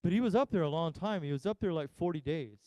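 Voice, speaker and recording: A man preaching a sermon as pastor, talking straight to his listeners, asking them questions and pausing for effect. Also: on the high side, expressive, warm tone, no echo, poor audio. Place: church.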